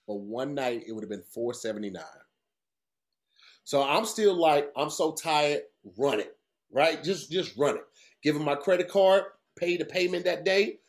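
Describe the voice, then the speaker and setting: Profane, storytelling podcast host. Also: male voice, a little high, measured pace. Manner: profane, animated storytelling with voiced quotes. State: tired. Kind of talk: casual storytelling.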